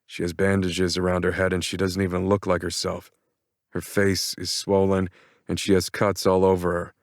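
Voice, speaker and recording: A man narrating a romance audiobook in the first person, steady and earnest, into a studio microphone. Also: sits low, clean tone, no room sound.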